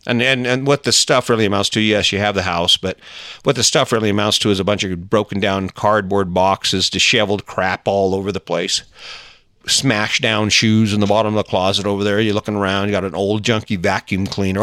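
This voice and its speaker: A middle-aged man giving a casual motivational monologue, emphatic and coaxing, acting out little scenes in a higher voice. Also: moderate pace, sharp tone, no room sound, studio quality. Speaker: motivational talker.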